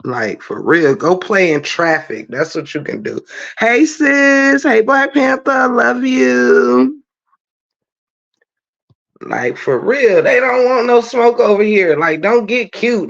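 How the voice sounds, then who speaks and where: A man, hosting his own channel and roasting critics in a profane, taunting, drawn-out sassy rant. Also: a little high, creaky, fairly bright tone. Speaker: channel host. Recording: dull lo-fi stream audio.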